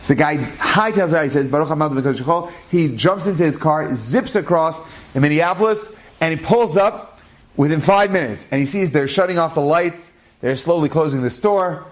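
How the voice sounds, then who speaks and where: Playing a rabbi, a man with a voice on the high side tells an inspirational story with lively, animated energy. He acts out every conversation, switching between the characters, and keeps the tale moving briskly.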